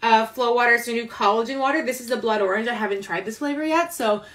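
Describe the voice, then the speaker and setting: A woman's voice: a little high, quick pace, fairly bright tone. Bubbly, chatty young woman. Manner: bubbly, chatty, laughs often. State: a little out of breath. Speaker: vlogger. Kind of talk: casual live-stream chat. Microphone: phone camera.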